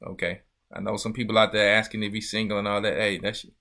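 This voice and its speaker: A man's voice: lowish voice, little pitch movement, quick pace, creaky, sharp tone. A man, a church elder, hosting a loose, joking livestream chat with viewers. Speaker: church elder and show host.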